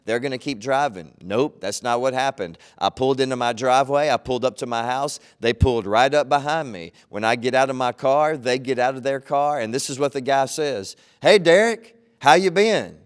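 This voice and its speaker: Smooth-voiced man preaching a sermon. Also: medium pitch, a little fast, few pauses. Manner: conversational storytelling. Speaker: pastor.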